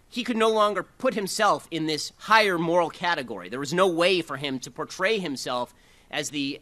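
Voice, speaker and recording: Brisk, combative man giving a talk. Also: on the high side, pushed and bright. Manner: fast, combative, sarcastic delivery. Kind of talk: speech to a live audience.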